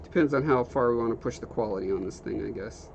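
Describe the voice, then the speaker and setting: A man's voice: mid-range voice, fast, creaky. A young man livestreaming from a home workshop, casually rambling and reading out viewer comments. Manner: relaxed, rambling, reads viewer comments aloud. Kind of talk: casual chat while working, reading chat. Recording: slightly dull stream audio with faint background noise.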